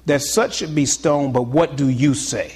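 A pastor preaching a sermon to his congregation, swinging between loud exclamations and hushed, confiding asides. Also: medium pitch, a little slow, breathy edge, in a large hall.

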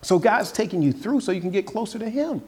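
A man preaches from the pulpit in a voice pitched a little high, talking earnestly and building toward emphatic peaks. His words ring out with a long reverb, as if filling a large church sanctuary. The delivery is a live sermon to a gathered and online congregation. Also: expressive, fairly quick, darkish tone, husky. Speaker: pastor.

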